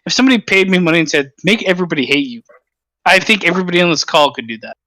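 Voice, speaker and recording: A man's voice: high-pitched, lively intonation, very fast, pushed and bright, no echo. A man in a casual call chat, giving crude, mocking opinions.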